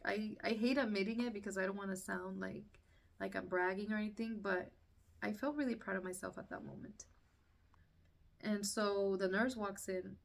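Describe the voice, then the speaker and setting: A woman's voice: medium pitch, creaky, recorded from a distance. A woman casually telling her own story, acting out what people said and laughing through the tense parts.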